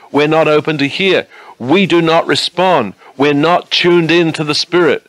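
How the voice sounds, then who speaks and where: A man's voice: fairly high pitch, fairly bright tone, no room sound, poor audio. A man preaching a sermon in an earnest, conversational way, often asking his listeners questions.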